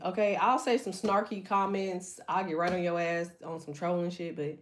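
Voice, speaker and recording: A woman's voice: on the low side, steady tone, normal speed, hardly any pauses. A woman giving a casual tarot reading, blunt and profane, chatting freely with her viewers. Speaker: tarot reader.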